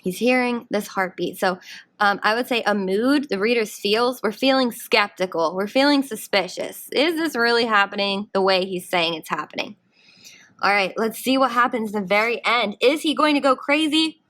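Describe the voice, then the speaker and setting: An English teacher leads a guided reading lesson in a conversational way, putting questions to her students as she explains the text. Her voice is a little high and fairly bright, with a moderate pace.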